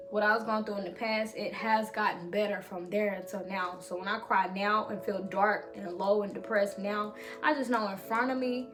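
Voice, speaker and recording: A woman vlogger speaking candidly to camera, reassuring listeners with blunt, profane encouragement. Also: medium pitch. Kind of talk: motivational talk to camera.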